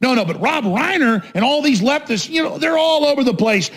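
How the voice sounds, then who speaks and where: A man hosting a radio talk show, delivering a combative political rant that swings into shouting and hammers points with repeated phrases. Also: very high-pitched, expressive, brisk, few pauses. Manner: repetitive emphatic phrasing. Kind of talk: ranting political monologue.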